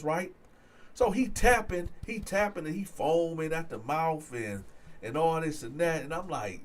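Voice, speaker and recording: A man spins a story in casual talk, animated and quick to act out what each person said. He keeps turning to his listeners with a questioning tag as he goes. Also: mid-range voice. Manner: animated street storytelling, acts out quotes, frequent "right?". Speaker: storyteller host.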